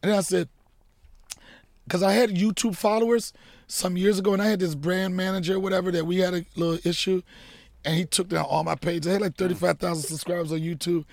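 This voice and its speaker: Gravelly-voiced man telling stories. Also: high-pitched, a little fast, no room sound, studio quality. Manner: animated, profane, acts out quotes. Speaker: podcast guest, comedian. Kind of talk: casual storytelling chat.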